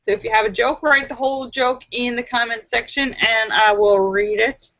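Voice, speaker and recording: A woman's voice: a little high, fairly even intonation, normal speed, a bit bright, dull audio. A woman hosting a casual live stream, reading out viewers' jokes and laughing at them. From United States. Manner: giggly, laughs at her own jokes.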